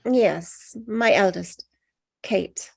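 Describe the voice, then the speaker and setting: A woman's voice: on the low side, steady tone, slow, darkish tone, no echo. A woman reading a nervous, fidgety mother in her forties at a table read, eager and fluttery.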